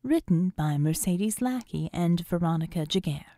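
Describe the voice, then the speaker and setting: Mellow woman narrating an audiobook. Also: fairly low pitch, animated, normal speed, dry recording, clean studio sound. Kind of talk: scripted narration.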